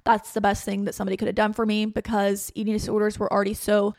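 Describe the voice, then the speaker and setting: A woman's voice: medium pitch, fast talker, no echo, clean studio sound. A young woman, a podcast host candidly telling a personal story in a chatty way, often saying "like". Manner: chatty, frequent "like", quotes herself and others in lively voices.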